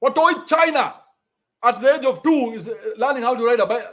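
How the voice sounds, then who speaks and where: Kenyan guy on a stream, higher voice, blunt and sweary, ranting. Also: brisk, pushed and bright. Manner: blunt, profane, combative. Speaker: livestream host reading donations. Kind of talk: ranting livestream commentary.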